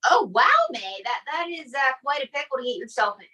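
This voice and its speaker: A woman's voice: sits high, expressive, fairly quick, sharp tone, recorded from a distance, low-quality recording. A woman ventriloquist comedian doing chatty, showy emcee patter for a comedy act.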